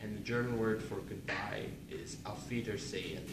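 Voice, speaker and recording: A young man giving casual instructions in a halting way, with lots of ums and some quick bursts of speech. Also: fairly low pitch, little pitch movement. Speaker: student presenter. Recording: echoey room, distant mic, noise.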